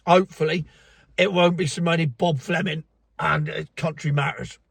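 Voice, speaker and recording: A man's voice: fairly high pitch, steady tone, unhurried, vocal fry, a bit bright, husky. Sarcastic man with a cold. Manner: sarcastic, mocking, self-satisfied. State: has a cold, coughing. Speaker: vlogger. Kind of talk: casual ranting vlog.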